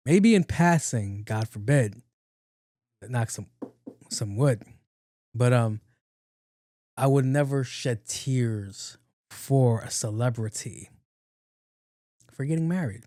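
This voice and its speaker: A man's voice: mid-range voice, takes it slowly, pauses often, dark tone, no room sound. A man hosting a solo podcast, telling stories casually in slangy talk full of swearing and acted-out quotes. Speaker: podcast host.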